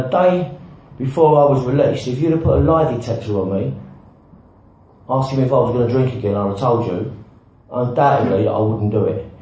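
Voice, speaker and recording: A man's voice: mid-range voice, warm tone. A man telling his recovery story frankly, blunt and self-mocking, with the odd swear word and a habit of saying "right?". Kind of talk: personal recovery talk with self-mocking humour. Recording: very echoey, dull hall recording.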